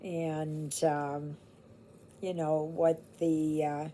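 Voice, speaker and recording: A woman's voice: low voice, little pitch movement, extremely slow, dark tone, slight background noise. A woman from Canada chatting casually to her viewers at home, rambling and laughing easily. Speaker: cross-stitch vlogger.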